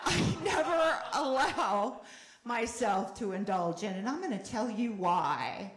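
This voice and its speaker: A middle-aged woman working a stand-up set in a comedy club, her slightly high voice carrying around the room. She talks slowly, letting lines land, then breaks into loud animated bursts. The sound is roomy and reverberant. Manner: animated, with loud shouted bursts and wry asides.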